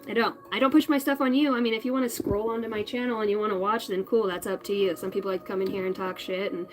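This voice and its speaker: A woman's voice: medium pitch, fairly even intonation, quick pace, faint music behind, poor audio. A woman in her thirties hosting a tarot reading livestream, chatting casually and bluntly with viewers and swearing freely. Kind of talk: casual live-stream chat.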